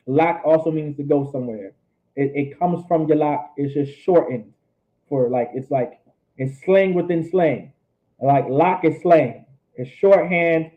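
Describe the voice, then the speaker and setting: A man teaching a language lesson, repeating phrases slowly and explaining them. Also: a little high. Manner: slow, repetitive drilling of phrases. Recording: tinny phone-like audio.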